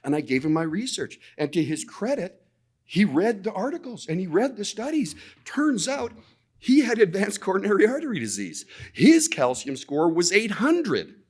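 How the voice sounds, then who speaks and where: A man speaking at a conference, telling a personal story in an animated way, often repeating words and acting out the dialogue. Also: high-pitched, moderate pace, breathy edge. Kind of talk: storytelling presentation. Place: conference talk.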